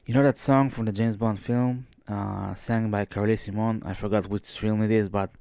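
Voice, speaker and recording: Low-voiced man gushing about a watch. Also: steady tone, normal speed, creaky, dark tone, clear, resonant tone, dry recording. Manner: enthusiastic, rambling, with fillers and restarts. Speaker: watch vlogger. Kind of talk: casual show-and-tell vlog.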